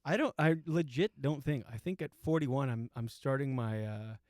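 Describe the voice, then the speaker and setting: A man's voice: medium pitch, normal speed, darkish tone, dry recording, clean studio sound. Rambling self-mocking man in his forties. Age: 40s. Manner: rambling, self-mocking, full of restarts and asides. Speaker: comedian host. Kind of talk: comedic storytelling monologue.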